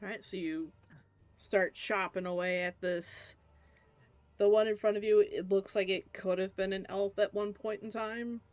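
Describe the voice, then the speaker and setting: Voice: mid-range voice, fairly even intonation, moderate pace, a little mellow, dry recording. Game master, mid-range voice, plain scene narration and rulings. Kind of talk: running a tabletop game.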